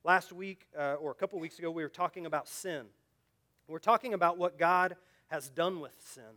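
A male pastor preaching a sermon, speaking earnestly and directly to his congregation, swinging from loud urgent emphasis to quiet low asides. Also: brisk. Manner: earnest, direct appeals to listeners.

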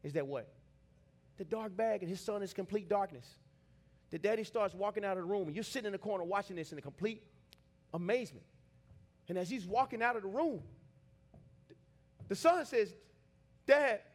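A man preaching a sermon, telling a dramatic story that builds to shouted climaxes. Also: high voice, brisk, long pauses.

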